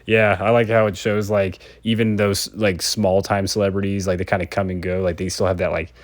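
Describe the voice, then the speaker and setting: A man with a deep, level voice runs through a film review in loose casual talk. He strings his thoughts together with endless fillers. The sound is dry and close. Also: level tone, a little fast, no room sound. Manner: rambling, many fillers.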